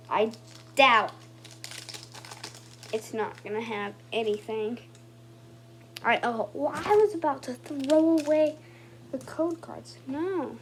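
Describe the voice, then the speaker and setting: A woman casually commenting as she opens trading card packs, swinging from muttering to excited squeals. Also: high voice, takes it slowly, long pauses, slight background noise.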